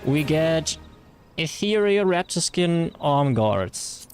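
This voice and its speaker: A man's voice: fairly high pitch, big pitch swings, slow pace, clear, resonant tone, faint music behind. A man with a German accent chatting casually through a game livestream, rambling with fillers and reading chat messages aloud. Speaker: streamer.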